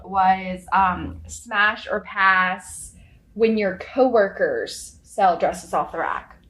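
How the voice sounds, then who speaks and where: A woman bridal stylist co-hosting a podcast, telling stories in a blunt, animated way. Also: medium pitch, extremely slow, poor audio. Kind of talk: casual podcast chat.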